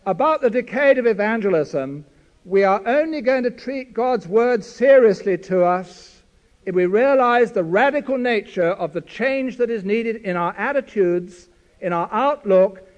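Older male preacher, high-pitched and earnest; stacks up lists, stumbles over his words; dull lo-fi recording. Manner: earnest, builds long lists, stumbles and restarts often. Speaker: Anglican priest and preacher. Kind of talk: sermon to a live gathering.

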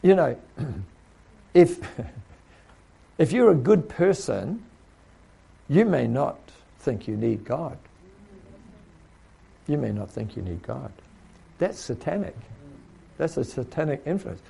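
A man's voice: mid-range voice, big pitch swings, slow, creaky, long pauses, warm tone, a little hiss or hum. A man preaching a sermon to trainees, asking rhetorical questions and now and then mimicking the voices of other people.

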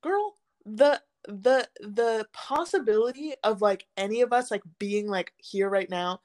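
A woman's voice: medium pitch, animated, a little slow, a little mellow. A young woman co-hosting a casual podcast chat, rambling with lots of filler words and giggling. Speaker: podcast co-host.

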